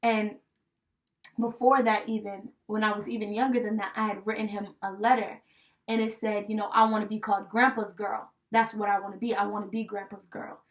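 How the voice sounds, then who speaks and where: A young woman co-hosting a podcast, telling a personal story in casual chat, heartfelt and animated, with many fillers like "you know" and "right?". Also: mid-range voice, brisk. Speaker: podcast co-host. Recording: voice a bit distant from the mic.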